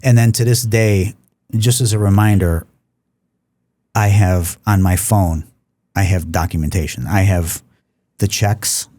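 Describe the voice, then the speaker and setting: Man telling a story with a low voice. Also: unhurried, long pauses, no echo. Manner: animated, profane, repeats himself when telling a story. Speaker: podcast guest. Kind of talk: casual storytelling.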